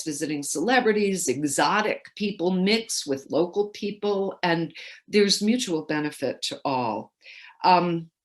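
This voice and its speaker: A woman in her seventies giving a keynote speech, telling amused anecdotes and quoting people with lively shifts of voice. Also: on the low side. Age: 70s. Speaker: keynote speaker. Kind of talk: storytelling speech. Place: home, recorded for a virtual festival.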